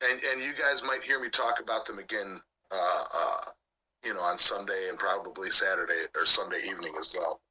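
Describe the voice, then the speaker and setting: Low-voiced, husky man chatting on stream. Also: a little fast, pushed and bright, rough recording. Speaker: livestream host. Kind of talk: casual stream chat.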